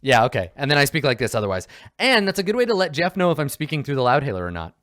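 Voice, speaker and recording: Young guy rambling and cursing through char creation, lively pitch, dry close sound. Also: very fast, no room sound. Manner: rambling, swearing, muttering to himself. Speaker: player in a tabletop game show. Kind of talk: casual chat while building a character.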